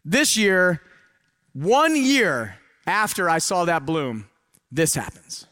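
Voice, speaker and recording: A middle-aged man giving a live, preachy seminar talk to an audience, swinging between loud urging and hushed asides. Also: high-pitched, huge pitch swings, slow pace, long pauses, dry recording, some chatter behind. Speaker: motivational speaker. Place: event hall with a live audience.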